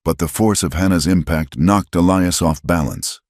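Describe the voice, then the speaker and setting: Deep-voiced male narrator for a dramatic frontier tale, dry close sound. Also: normal speed, no room sound.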